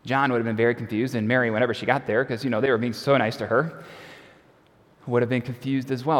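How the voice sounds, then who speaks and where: A male pastor preaches in a relaxed, conversational way, mixing dry humor with quiet, trailing phrase endings. His voice sits at a middle pitch. Long reverb from a large church sanctuary follows his words. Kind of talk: sermon.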